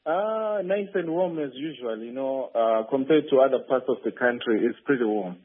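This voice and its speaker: A man's voice: mid-range voice, moderate pace, husky. A male field reporter phoning in a news report, speaking hesitantly with many fillers and restarts. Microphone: telephone. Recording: tinny phone line.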